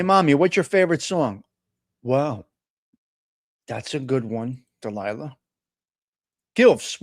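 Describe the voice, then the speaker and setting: A man hosts a live chat stream. His voice sits high, and he rants excitably with plenty of profanity. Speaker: host.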